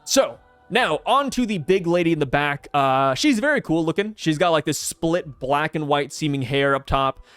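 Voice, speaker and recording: A man casually reviewing a comic chapter, chatty and excitable, with many fillers and acted-out quotes. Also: fairly high pitch, normal speed, clean tone, dry recording, soft background music. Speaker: manga reviewer. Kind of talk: casual commentary.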